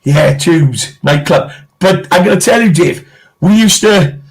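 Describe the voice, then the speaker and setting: A middle-aged English man with a high voice, co-hosting a live chat. He tells stories loudly and swears freely, calling his friend "mate" at every turn. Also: animated, unhurried, vocal fry. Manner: swearing, boisterous storytelling. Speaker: co-host. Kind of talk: casual chat.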